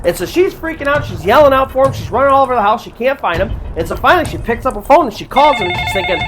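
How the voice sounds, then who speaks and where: A woman's voice: fairly high pitch, lively intonation, racing, few pauses, music in the background. A woman narrating a true paranormal story in a casual, chatty way, with many fillers like "like". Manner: chatty retelling with frequent "like" fillers. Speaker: storyteller host.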